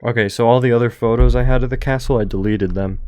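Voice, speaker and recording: A man's voice: mid-range voice, fairly even intonation, fast, darkish tone, slight background noise. A young man streamer rambling casually and jokingly, trailing off now and then. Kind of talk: casual chat over travel photos.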